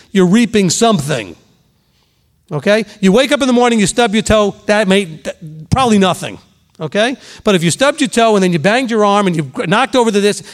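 A middle-aged male pastor giving a sermon, emphatic and repetitive, now and then mimicking gossiping people. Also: high voice. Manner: emphatic, repeats for stress, acts out gossiping voices.

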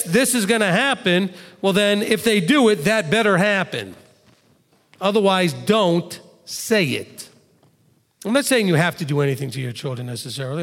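High-voiced male preacher in a reverberant hall. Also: fairly bright tone. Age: adult father of two. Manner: conversational, addresses listeners directly with asides. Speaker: pastor. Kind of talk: sermon teaching from scripture.

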